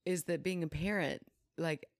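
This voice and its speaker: A woman's voice: sits low, normal speed, creaky, no echo, studio quality. A woman in her thirties co-hosting a podcast as the skeptic, chatting casually and teasing with frequent laughs. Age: 30s. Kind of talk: casual chat.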